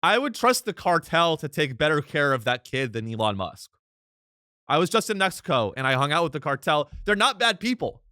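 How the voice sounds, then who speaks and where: A young male podcast host with a bright, fairly high voice, recorded close and dry. He talks in a sarcastic, ranting way and swings into loud outbursts. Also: big pitch swings, brisk, clean tone, no echo. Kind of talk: comedic political commentary.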